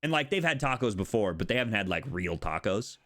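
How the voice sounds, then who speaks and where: A young American man streaming casual chat, rambling and animated, swearing and laughing often as he talks. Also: fairly low pitch, fairly quick. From United States.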